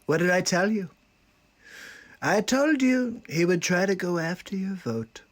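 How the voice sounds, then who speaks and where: A man's voice: high voice, expressive, unhurried. A man doing a comic impression of a boastful older male president, blustery and repetitive, always in a hurry. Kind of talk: comic celebrity impression on a livestream.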